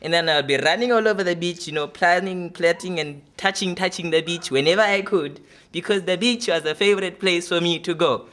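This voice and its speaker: A man's voice: sits high, brisk, a bit bright, voice pushed up. A man voicing a proud older Italian father in a put-on Italian accent, telling a long rambling story. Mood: boastful.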